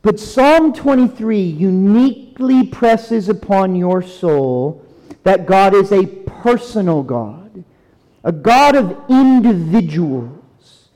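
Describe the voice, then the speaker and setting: A man preaching a sermon in an earnest, emphatic way, slowing down and dropping almost to a hush on key words. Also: high-pitched, animated. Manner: earnest, emphatic, with dramatic slowdowns and drops to near quiet. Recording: long hall reverb.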